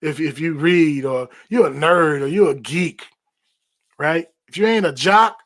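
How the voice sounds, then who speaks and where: A man's voice: fairly high pitch, unhurried, a bit bright. A man hosting a podcast, talking in an emphatic, repetitive, preacherly cadence. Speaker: podcast host. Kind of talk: preaching-style podcast monologue.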